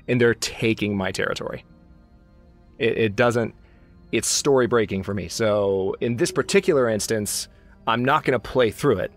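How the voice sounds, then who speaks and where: Man, lower pitch, casual let's play commentary, self-mocking asides, faint background music. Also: normal speed. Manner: chatty, talks to his units, self-mocking asides.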